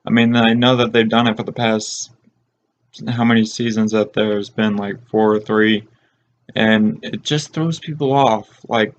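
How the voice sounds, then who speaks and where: A man's voice: fairly low pitch, steady tone, measured pace, muffled recording. A man co-hosting a review, giving his opinion in a casual, hesitant way with fillers.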